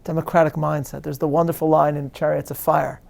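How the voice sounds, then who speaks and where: In a fairly high, gravelly, somewhat mellow voice with a flat delivery, a rabbi answers questions at a live interview. He speaks earnestly and deliberately in a lecture style, with emphatic stresses and frequent restarts.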